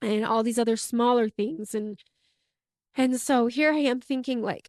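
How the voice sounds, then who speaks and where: A woman's voice: a little high, measured pace, darkish tone, no echo, clean studio sound. A young adult woman and podcast host, telling her own story in a candid, emotional way with many "like" fillers. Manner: emotional, open, frequent "like" fillers.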